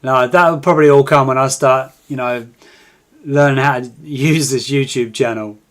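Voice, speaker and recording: Hosting a trading live stream, a man keeps up a chatty, self-mocking patter and coaxes viewers to take part. His voice is a typical middle pitch, steady and fairly bright, at a normal speed.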